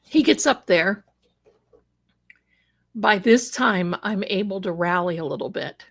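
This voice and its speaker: A middle-aged psychic guest on a live stream tells her personal story in an unhurried, medium-pitched voice marked by vocal fry. She's emotional throughout and gives voice to the people she quotes.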